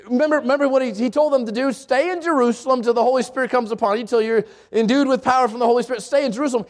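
A man with a strikingly high-pitched voice delivers a sermon as a pastor. He talks earnestly, stumbles into repeated words and swells toward emphatic high points. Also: racing. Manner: earnest, repeats words when restarting, rises to emphatic peaks.

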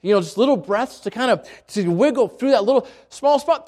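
A man with a fairly high voice preaches in a church, speaking straight to his congregation. He tells stories with animated delivery and acts out the voices in them. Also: a little fast, few pauses. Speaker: pastor. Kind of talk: sermon. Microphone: handheld or wireless microphone.

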